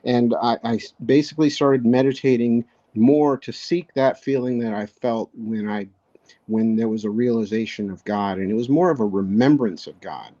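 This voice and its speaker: A man talks slowly and thoughtfully as a podcast guest, circling back and restarting his sentences as he works through an idea. His voice is mellow and dark, set at an ordinary pitch. The recording sounds dull and lo-fi. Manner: halting, reflective, frequent restarts. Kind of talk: casual conversation.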